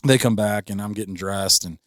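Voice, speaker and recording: Low-voiced man telling a story. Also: fairly quick, no echo, clean studio sound. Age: 30s. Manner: laughing, rambling storyteller with many restarts. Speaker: podcast co-host. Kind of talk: casual storytelling chat.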